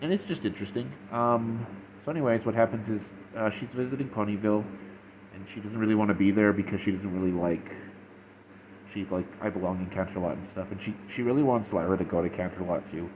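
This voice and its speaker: A man's voice: on the low side, a little fast, darkish tone, slight background noise, poor audio. Rambling young man with lots of "like"s. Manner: rambling, full of "like" and "uh". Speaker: fanfiction reviewer. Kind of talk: casual spoken review, retelling a story.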